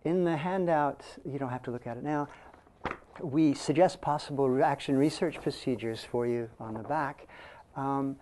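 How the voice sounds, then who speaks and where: Mellow-voiced man giving an academic talk. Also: mid-range voice, normal speed, slight background noise. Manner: explanatory, often checks in with a questioning "okay?". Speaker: conference presenter. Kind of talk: academic presentation to an audience. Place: presentation room before a live audience.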